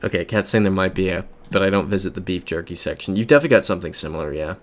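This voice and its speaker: Speaking at a racing pace, a young American man with a low voice chats casually on a live stream while playing a geography game. He mutters guesses to himself and reads viewer messages aloud in an easy, rambling way.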